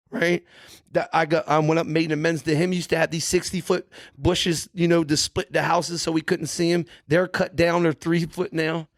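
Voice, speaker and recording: A man's voice: fairly high pitch, no echo. A middle-aged man, a podcast guest, telling his recovery story candidly, emphatic and earnest, often tagging lines with "you know" and "right".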